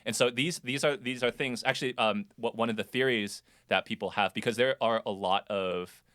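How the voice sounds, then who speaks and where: A young man co-hosting a podcast in casual chat, halting and rambling as he explains, laughing easily. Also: mid-range voice, a bit bright, dry recording, studio quality. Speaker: podcast co-host.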